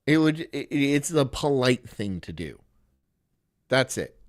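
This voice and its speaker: A man's voice: mid-range voice, big pitch swings, slow pace. A man streaming casually, reading chat and rambling through crude jokes that he often laughs at himself.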